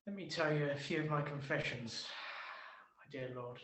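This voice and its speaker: A man giving voice to an ancient, bitter tree that has stayed silent for decades and now bursts out in high, sharp shouts and sobs. It rants at God in indignant, grumbling complaints. The sound carries the echo of a room over a video call. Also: normal speed, close to an everyday voice. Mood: grumbling confiding. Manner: wailing, shouting, sobbing outbursts. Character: furious old male tree, bitter and grumbling.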